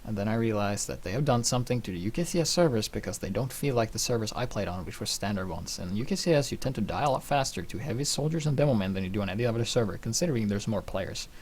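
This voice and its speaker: Animated young man. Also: on the low side, fast talker, hardly any pauses. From Norway. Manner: animated, rambling, swears freely. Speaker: channel host. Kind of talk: casual personal storytelling.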